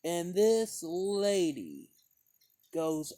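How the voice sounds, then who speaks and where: A man's voice: medium pitch, measured pace, dark tone, no room sound. A man reviewing pipe tobacco in a casual, meandering way, with lots of fillers and restarts as he tells a story.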